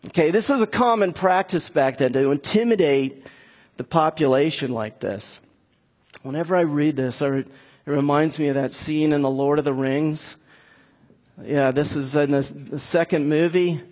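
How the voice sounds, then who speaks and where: Husky, slightly high-voiced male pastor; casual, lively preaching that talks with the room. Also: moderate pace, long reverb tail. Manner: conversational, animated, talks with the congregation. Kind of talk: sermon.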